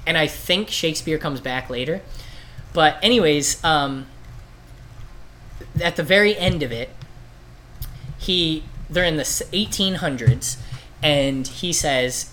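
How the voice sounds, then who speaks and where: A man's voice: fairly high pitch, slow, pauses often, fairly bright tone. Guy rambling thru a comic story, swears a lot, bit of hiss behind him. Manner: rambling, profane, acts out quoted voices. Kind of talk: casual chat.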